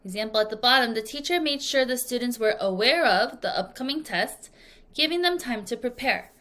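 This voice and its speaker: A woman teaching an English vocabulary lesson, drilling words clearly with repeat-after-me prompts and acting out examples playfully. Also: a little high, expressive, fairly quick, sharp tone. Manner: playful, acts out example sentences. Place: language school in Korea.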